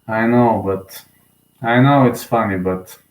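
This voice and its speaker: A young man giving live, emotional fan commentary on a fight, excitable and often repeating himself. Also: lowish voice, slow. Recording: roomy echo.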